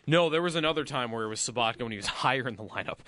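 A man co-hosting a casual sports talk show, quick with stats and mocking mimicry. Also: medium pitch, animated, sharp tone. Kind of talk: casual sports radio chat.

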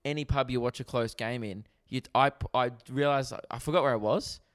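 A man's voice: medium pitch, fairly quick, a bit bright, no echo, studio quality. A young Australian man hosting a podcast over a video call, telling jokey stories and laughing often. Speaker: podcast host. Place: at home, remote.

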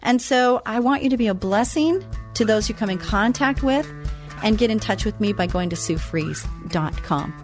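A woman's voice: fairly high pitch, expressive, normal speed, soft background music. A woman hosting an inspirational Christian talk show, speaking earnestly with emphatic repetition and chatty asides.

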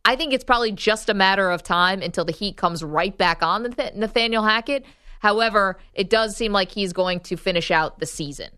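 A woman co-hosting a sports radio show, chatting casually and bantering with quick laughs. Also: medium pitch, bright, forceful tone, clean tone, dry recording, studio quality. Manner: laughs often, quick back-and-forth banter. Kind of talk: casual sports talk chat.

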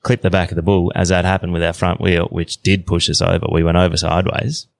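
Aussie bloke in his 30s telling a yarn on a podcast, real low voice, dead dry sound. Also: fast talker, gravelly, no echo. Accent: Australian. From Australia. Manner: relaxed yarn-spinning, slangy. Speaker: podcast guest. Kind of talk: casual storytelling.

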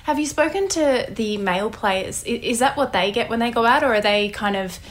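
A woman's voice: fairly high pitch, a little fast, slight background noise. A woman co-hosting a casual interview, asking curious questions with some hesitant restarts. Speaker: podcast co-host.

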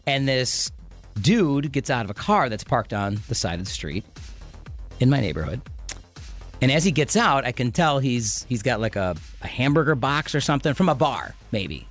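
Rambling, animated radio host man. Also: medium pitch, normal speed, soft background music. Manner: rambling storyteller, self-interrupting. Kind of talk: casual radio banter.

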